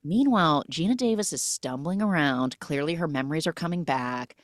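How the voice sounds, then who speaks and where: A woman's voice: sits low, fairly quick, no echo, clean studio sound. A woman on a podcast chattily retelling a film plot, full of "like"s. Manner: chatty, animated retelling with many "like"s. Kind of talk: casual podcast film recap.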